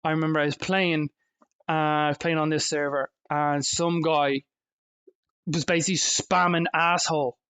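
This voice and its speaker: A man co-hosting a podcast, telling stories in an animated way, with lots of swearing and acted-out quotes. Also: a little high, moderate pace, smooth. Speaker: podcast co-host. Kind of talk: casual chat.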